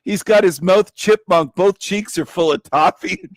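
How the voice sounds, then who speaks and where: A man's voice: high voice, measured pace, no room sound. A man hosting a casual online panel, teasing and joking as he tells a story.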